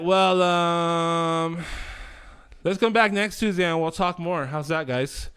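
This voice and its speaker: A man's voice: medium pitch, normal speed, fairly bright tone, clear, resonant tone. A man hosting a livestream, chatting casually slang, swearing and rambling. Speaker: livestream host.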